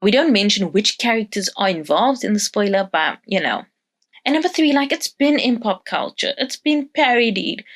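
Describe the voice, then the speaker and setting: A woman's voice: mid-range voice, expressive, moderate pace. Woman hosting a podcast intro. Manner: friendly, addresses listeners directly. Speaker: podcast host.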